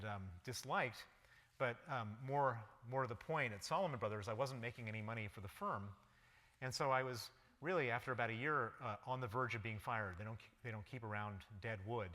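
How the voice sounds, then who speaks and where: In this public lecture, a man's voice sits at medium pitch, moving fairly quickly with a pushed, bright quality. He's a guest lecturer telling a personal story vividly in present tense, and the lecture hall adds a long reverb.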